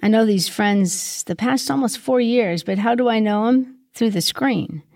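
A middle-aged woman hosting a reflective Christian podcast, asking gentle questions in an earnest way, sometimes choked up with grief. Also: fairly high pitch, unhurried, no echo, studio quality. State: grieving, occasionally choked up. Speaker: podcast host and Christian mentor. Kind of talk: reflective solo podcast monologue.

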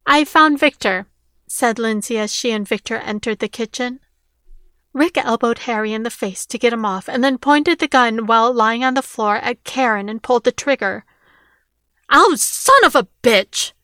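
A woman narrating a novel chapter in a steady, plain reading voice. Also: fairly high pitch, normal speed, clear, resonant tone, no echo, clean studio sound. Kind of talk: audiobook narration.

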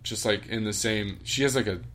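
A young man co-hosting a podcast, telling relaxed family stories in casual chat and swearing now and then. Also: a little fast. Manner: relaxed storytelling, swears casually, mimics family in high voices. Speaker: podcast co-host.

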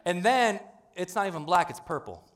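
A man preaching a humorous sermon in a church, joking with the congregation in a playful, animated way. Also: high-pitched, normal speed. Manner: playful, jokey, animated delivery. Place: church sanctuary.

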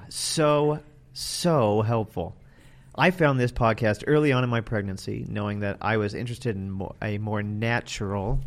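A man, the host's husband, reading a listener review aloud in a playful, expressive way. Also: on the low side.

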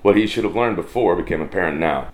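Very deep-voiced Texan man reading a western. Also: expressive, fast talker, slight background noise. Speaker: story reader. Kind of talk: reading a western story aloud.

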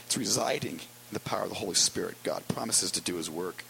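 Male pastor, low-pitched gravelly voice, casual storytelling sermon with dry humor. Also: fairly bright tone, slight background noise, poor audio. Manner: wry, storytelling with quick asides. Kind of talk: conversational sermon.

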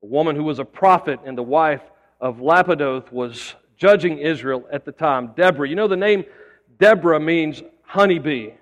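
Preaching man, high voice, church reverb. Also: normal speed. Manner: storytelling preacher with folksy asides and repeated words. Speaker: pastor. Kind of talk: sermon.

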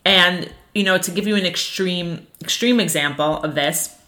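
A woman teaching a class on Jewish ethics, earnest and animated, telling personal stories with frequent fillers. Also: on the low side, moderate pace. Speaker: religious teacher.

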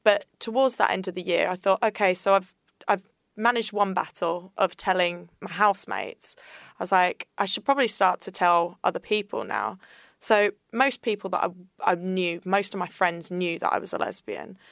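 A woman's voice: fairly low pitch, moderate pace, gravelly, fairly bright tone, no echo, clean studio sound. A young woman, a podcast guest, telling her personal story in a candid, earnest way.

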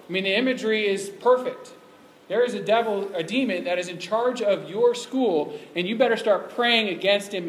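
A man preaching to a youth ministry audience in an emphatic, conversational way. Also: high voice. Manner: emphatic, conversational, acts out quoted voices. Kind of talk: sermon. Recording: echoey room with faint background noise.

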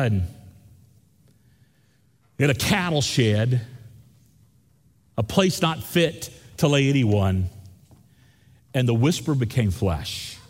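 A man preaching a Christmas sermon, telling stories slowly with repeated phrases. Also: mid-range voice, darkish tone, big-room sound. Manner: slow storytelling with repeated phrases. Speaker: pastor.

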